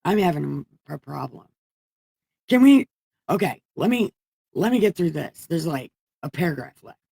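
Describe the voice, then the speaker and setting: A woman's voice: deep voice, lively intonation, normal speed, creaky, mellow, breathy edge, no echo, low-quality recording. A woman reading the Bible on a livestream in a comedic, casual way, irreverent and profane, chatting with viewers.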